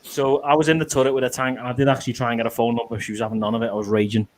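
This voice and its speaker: A man, a former soldier who tells loud, sweary stories and laughs through them in a casual live-stream chat. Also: mid-range voice, flat delivery, rapid-fire. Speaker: ex-army host telling stories.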